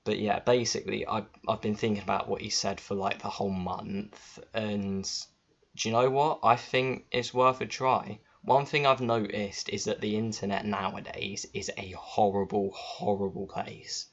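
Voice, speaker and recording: A man's voice: on the low side, level tone, normal speed. A man telling a story to camera in a chatty, informal way, swearing freely, recorded on a laptop microphone. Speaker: vlogger. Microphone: built-in laptop mic. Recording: dull lo-fi laptop audio.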